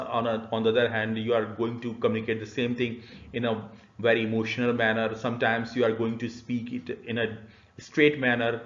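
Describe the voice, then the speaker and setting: A man with a medium-pitched, slightly bright voice delivers a recorded university e-learning lecture. He explains things patiently but with many "uh" fillers, and the recording sounds roomy and a bit dull.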